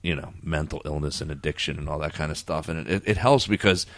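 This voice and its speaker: A deep-voiced man hosting a podcast interview, asking questions in a casual, relaxed way. His voice is recorded dry and close, with almost no room sound. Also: fast talker, dry recording. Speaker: podcast host.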